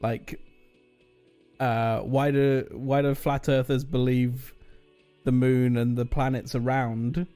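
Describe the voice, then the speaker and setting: A man's voice: mid-range voice, level tone, slow pace, mellow, smooth, soft background music. Man, streamer, casual gaming commentary, joking, rambling asides.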